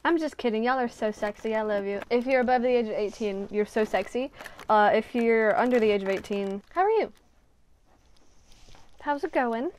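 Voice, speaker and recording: Higher-voiced woman, self-deprecating muttering. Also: steady tone, brisk, slight background noise. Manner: self-deprecating, swearing, muttering to herself while working. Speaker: vlogger. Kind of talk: casual crafting vlog. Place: her bedroom at home.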